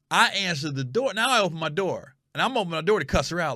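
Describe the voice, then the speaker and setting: Speaking quickly with a fairly high pitch, a male comedian in his forties hosts his own show in a dry, studio-quality recording. His storytelling is loose and profane, and he animatedly performs each character's voice.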